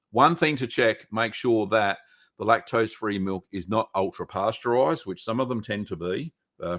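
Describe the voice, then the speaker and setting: A middle-aged man hosting a live stream, casually answering viewer questions with lots of ums and uhs in a small echoey room. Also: fairly low pitch. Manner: relaxed, chatty, many ums and uhs.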